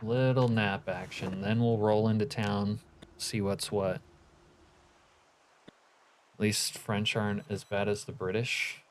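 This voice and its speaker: A man's voice: lowish voice, flat delivery, slow pace, pauses often, a little hiss or hum. Laid-back man streaming a game. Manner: laid-back, joking, reads chat comments aloud. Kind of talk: casual live-stream commentary.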